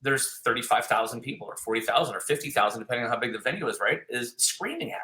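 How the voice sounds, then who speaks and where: Bright-voiced man in an echoey room. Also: mid-range voice, animated, quick pace. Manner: rambling, emphatic storyteller. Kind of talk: casual golf chat.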